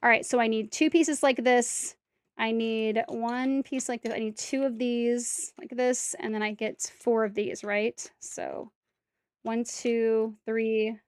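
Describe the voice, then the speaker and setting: Woman, casual build commentary, talks to herself, fairly high voice, dry close sound. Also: animated, a little slow, no echo. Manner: chatty, talks to herself and viewers, self-correcting. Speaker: streamer building a brick set.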